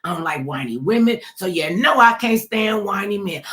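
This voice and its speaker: A woman's voice: mid-range voice, expressive, a little fast, hardly any pauses, a bit bright. A woman talk show host delivering an emphatic political commentary monologue, repeating herself and addressing listeners directly.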